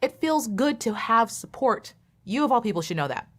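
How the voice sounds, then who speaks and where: A woman's voice: a little high, sing-song, moderate pace. A woman commenting bluntly and sassily. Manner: blunt, sassy and emphatic. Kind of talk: opinionated reaction commentary.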